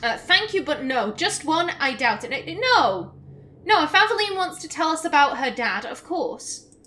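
A woman hosting a let's play, commenting on the game in an emotional, expressive way. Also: sits high, normal speed. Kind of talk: gameplay commentary.

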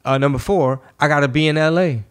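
A podcast host with a voice on the high side talks briskly in a clean tone, chatting casually. He tells rambling stories packed with swearing.

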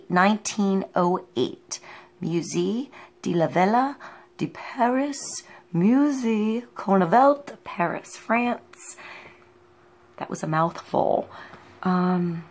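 A woman giving an unscripted tarot reading, musing and halting as she thinks aloud with many pauses. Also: mid-range voice. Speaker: tarot reader.

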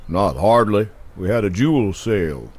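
An actor playing a blunt, threatening bank guard in a game. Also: male voice, fairly low pitch, animated, moderate pace, a little mellow. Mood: gruff. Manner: blunt, menacing. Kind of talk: game voice acting.

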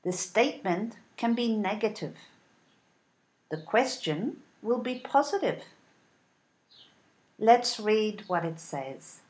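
A woman teaching an English lesson, reading example sentences and modeling intonation with deliberate, clear enunciation. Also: medium pitch, animated, darkish tone. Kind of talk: slow, careful English lesson.

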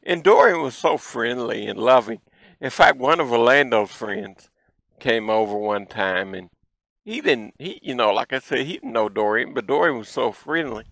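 A man in his fifties hosting a show, telling childhood stories in a folksy, animated way. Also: mid-range voice, moderate pace, vocal fry, dry recording, low-quality recording. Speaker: show host. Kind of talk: storytelling childhood memories.

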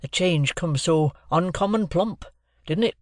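A warm, unhurried village blacksmith in a storybook reading, as a male narrator puts him on, middle-aged and kindly. He talks in plain rustic phrases, slow and comfortable, pitched a touch above an ordinary male voice. The dry recording puts him close to the mic. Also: sing-song, no echo, heavily acted.

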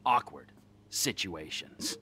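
A volatile, unhinged criminal from a video game cutscene, sneering with sarcasm, then bursting into manic cheer. His delivery is slow and drawn out, and his pitch leaps wildly. The tone is bright and edgy. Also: animated, slight background noise, heavily acted. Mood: mocking. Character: volatile unhinged male criminal, old friend.

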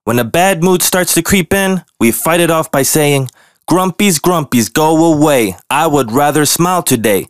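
A man's voice: fairly high pitch, animated, normal speed, no echo, studio quality, voice pushed up, close to an everyday voice. A man voicing a cheerful, encouraging young skunk in a storybook reading. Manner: bright, encouraging.

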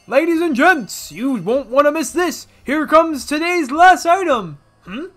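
A player doing a theatrical auctioneer, drawn-out announcing, bright lively voice. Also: high-pitched, soft background music, voice pushed up. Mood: showy. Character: showy auctioneer hyping a sale.

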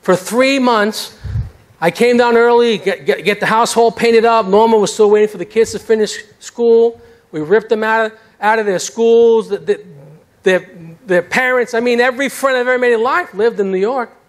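A middle-aged male pastor preaching a sermon about his own life, telling it in an animated, self-deprecating way. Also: high-pitched, moderate pace. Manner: animated storyteller, acts out voices, self-deprecating humor. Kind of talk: sermon with personal testimony. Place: church sanctuary.

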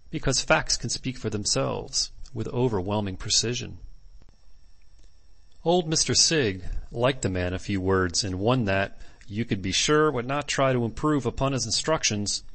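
A man narrating a classic novel as an audiobook in measured, deliberate phrases. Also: medium pitch, gravelly, fairly bright tone.

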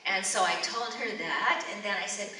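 A woman's voice: medium pitch, normal speed, pushed and bright. Middle-aged woman, seminar speaker, engaging, storytelling, heard from afar in a big hall. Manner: interactive, asks the audience questions; storytelling with acted quotes. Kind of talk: parenting seminar talk. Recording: echoey hall, voice from far off.

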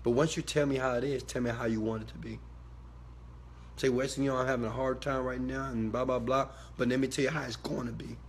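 A man giving a motivational talk to his viewers, emphatic and preachy, swinging from quiet asides to loud shouted bursts. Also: mid-range voice, fairly even intonation, fast talker, slight background noise. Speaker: motivational speaker.

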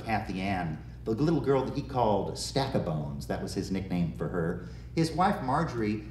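A man's voice: lowish voice, darkish tone, slight background noise. A man who tells folk stories and leads the audience in a sing-along, speaking in a folksy, teacherly manner. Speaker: folk singer and storyteller. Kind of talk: storytelling and leading a sing-along. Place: community television studio or stage. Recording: roomy echo, voice heard from a distance, with guitar. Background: guitar.

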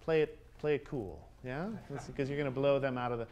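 A man teaching a master class, coaching players and singing rhythms out loud, often checking with a quick "yeah?". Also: medium pitch, dull audio, a little hiss or hum. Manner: sings rhythms aloud, frequent checking "yeah?". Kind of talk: coaching musicians, singing phrases. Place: concert hall with instruments playing.

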